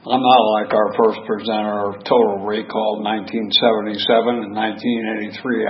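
Slow, gravelly man with dry self-deprecation. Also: lowish voice, dull audio, background noise. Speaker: speaker at a memorial AA gathering. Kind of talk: memorial remarks.

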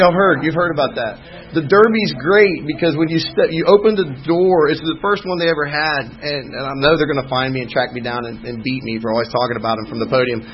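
A man's voice: medium pitch, muffled recording, a little hiss or hum. A middle-aged man, sharing his personal story from the podium of a recovery meeting with wry, folksy humor. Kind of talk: personal testimony talk. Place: meeting hall, speaking from a podium.

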